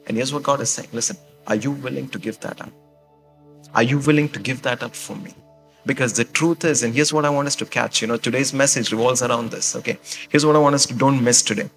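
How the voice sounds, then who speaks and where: A man's voice: medium pitch, quick pace, a bit bright, soft background music. A male pastor preaching a sermon in a conversational way, often checking in with the congregation with questions and "okay?".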